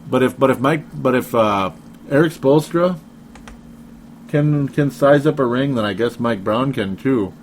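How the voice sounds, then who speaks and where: A man's voice: medium pitch, a little slow, a little hiss or hum. A man co-hosting a casual sports podcast, rambling, laughing often and breaking off his own sentences. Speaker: podcast co-host.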